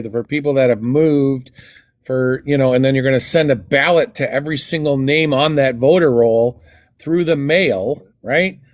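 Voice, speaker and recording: A man's voice: mid-range voice, no room sound, clean studio sound. A man in a casual political debate who asks questions and rambles through his points. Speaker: debate guest.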